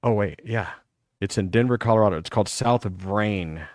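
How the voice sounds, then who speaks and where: A man's voice: lowish voice, a little fast, dry recording, clean studio sound. Middle-aged man rambling on a live show. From United States. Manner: animated storytelling, acts out other people's lines. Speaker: talk show host. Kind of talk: rambling live-stream monologue.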